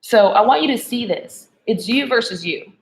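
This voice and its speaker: A woman's voice: a little high, animated, moderate pace, vocal fry, low-quality recording. A woman love coach giving a motivational spiritual talk to women, checking in with "okay?" and "right?" as she goes.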